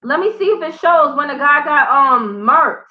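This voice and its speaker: A young woman giving crude, profanity-filled commentary on a news story, telling it in an animated way. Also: high-pitched, moderate pace. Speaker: vlogger. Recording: roomy, slightly dull home recording.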